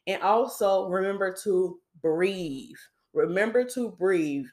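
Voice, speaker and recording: A woman's voice: medium pitch, takes it slowly, darkish tone. A young woman hosting a podcast, talking casually and confidingly about her day and her faith, often repeating herself for emphasis. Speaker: podcast host. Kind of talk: casual personal faith talk.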